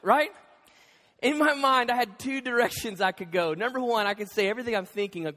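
A man preaching a sermon as pastor, animated and jokey, acting out the lines of the people in his stories. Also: extremely high pitch, a little fast. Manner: animated, jokey, acts out quotes. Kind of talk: sermon with storytelling. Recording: reverberant hall.

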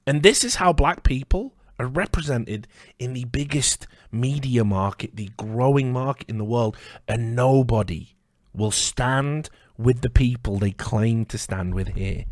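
A man's voice: mid-range voice, no room sound, clean studio sound. A man hosting a commentary video, delivering an angry rant full of swearing and rhetorical questions.

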